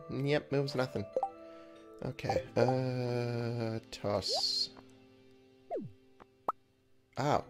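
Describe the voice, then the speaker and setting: A man giving casual gameplay commentary, sleepy and yawning, chatty and thinking aloud with frequent chuckles. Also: medium pitch. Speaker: let's play gamer.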